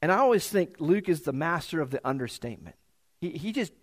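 Conversational male preacher, slightly higher voice. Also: big pitch swings, fast. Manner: conversational, self-correcting, with many restarts. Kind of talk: sermon. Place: church.

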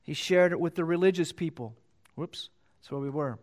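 A pastor preaching a sermon, reading scripture aloud and repeating key phrases for emphasis. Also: male voice, moderate pace. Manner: reads scripture louder and higher, then drops low to explain.

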